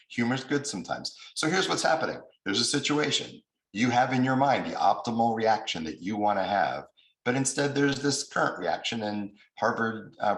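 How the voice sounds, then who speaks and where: A man's voice: on the low side, creaky, a bit bright, roomy sound, low-quality recording. A man giving a mediation training lecture over a video call, explaining step by step and now and then acting out angry voices.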